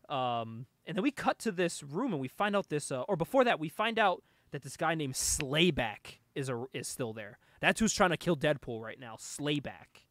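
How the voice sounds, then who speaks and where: Lively high-voiced young man. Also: normal speed, few pauses, no echo. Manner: animated, laughs often, reads comic dialogue aloud. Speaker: podcast co-host. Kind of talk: casual comic book chat.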